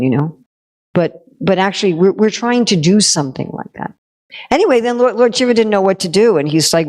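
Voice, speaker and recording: A woman with a lower voice giving a devotional talk, telling an old story like she is chatting with friends. She mixes teaching with wry, self-aware humor and quick conversational asides. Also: darkish tone. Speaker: spiritual teacher.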